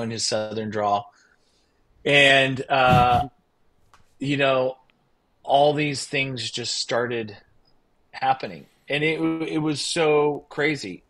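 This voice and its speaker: A man's voice: medium pitch, rough recording. A man, a winery owner guest on a podcast, telling his story in a casual, enthusiastic, rambling way. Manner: enthusiastic, rambling, quotes others in lively bursts.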